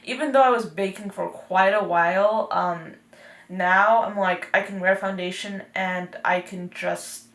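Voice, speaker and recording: A woman's voice: on the low side, vocal fry, fairly bright tone, roomy sound. An eighteen-year-old woman from North Texas, chatting casually and upbeat through a beauty vlog with lots of fillers. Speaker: beauty vlogger. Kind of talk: casual anti-haul chat.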